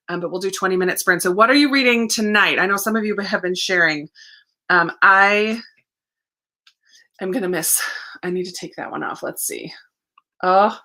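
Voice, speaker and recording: A young adult woman hosting a casual livestream, chatting warmly and reading out viewer comments, laughing often. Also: mid-range voice. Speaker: livestream host.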